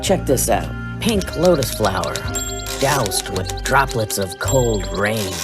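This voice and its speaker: An actor playing a patient, laid-back male poetry teacher in an educational cartoon, explaining slowly. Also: fairly low pitch, big pitch swings. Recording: music playing behind.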